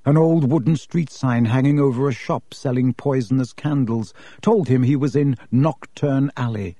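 A man narrating an audiobook in a steady, measured way. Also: mid-range voice, dry recording.

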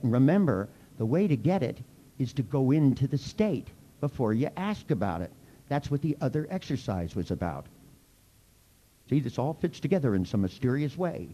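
A man's voice: medium pitch, warm tone, rough recording. A man leading a live workshop, teaching in a playful, teasing way full of mock threats. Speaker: workshop leader.

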